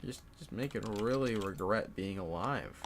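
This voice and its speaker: A man's voice: on the low side, animated, moderate pace, slight background noise. A young man casually commentating his solo board game play, swearing, laughing and talking to his game pieces.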